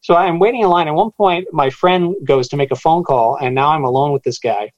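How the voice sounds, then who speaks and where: A man recounts an odd encounter for an interviewer, stumbling over words and restarting often. His voice sits a little high. The sound is dull and lo-fi, with a dry close feel. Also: dry recording. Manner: halting, many restarts, animated retelling with quoted voices. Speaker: author guest. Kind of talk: storytelling interview.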